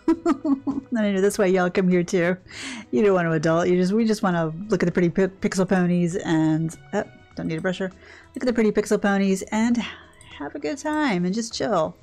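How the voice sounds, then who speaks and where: An older woman with a gravelly, creaky voice talks casually over gameplay. She rambles along, cutting herself off mid-thought and starting over. Soft music plays faintly behind her. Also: mid-range voice, normal speed. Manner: chatty, rambling, self-interrupting. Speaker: gaming channel host.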